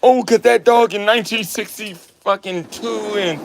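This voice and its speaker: A man's voice: sits high, moderate pace, slight background noise. A man who breeds dogs, ranting in a blunt, profane, boastful way and mocking his rivals. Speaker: dog breeder. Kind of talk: casual rant to camera.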